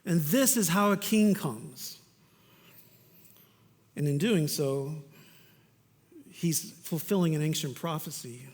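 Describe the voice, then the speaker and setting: A male pastor with a fairly high voice preaches in an earnest, conversational style and drops in casual asides. His words ring out with the long reverb of a church hall. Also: slow pace, long pauses. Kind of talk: sermon.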